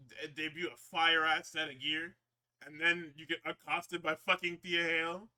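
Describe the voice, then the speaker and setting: A man's voice: on the high side, flat delivery, moderate pace, sharp tone. A man hosting a podcast, recapping wrestling shows in a rambling, profane, casual way with frequent laughs. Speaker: podcast host.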